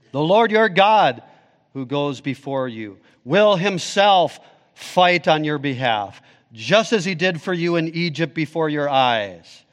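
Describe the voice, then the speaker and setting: A man delivering a sermon from the pulpit with a fairly high-pitched voice. He moves between emphatic, rising questions and quiet, low stresses on his main points. His voice carries a long reverb from a large church hall. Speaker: pastor.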